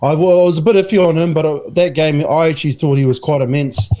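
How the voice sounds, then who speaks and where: Relaxed man, slightly high voice. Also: fast, a little hiss or hum. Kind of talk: casual rugby chat.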